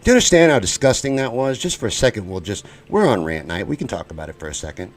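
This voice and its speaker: A man from the United States hosting a live-stream rant show, heated and profane, swinging between loud outbursts and low muttering. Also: very animated, quick pace. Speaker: show host.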